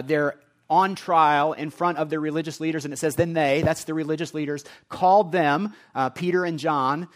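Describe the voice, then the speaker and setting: A man preaching a sermon, earnest and conversational, moving between quiet reflective passages and emphatic repeated lines. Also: on the high side. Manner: earnest, builds from quiet asides to emphatic repetition. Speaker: pastor.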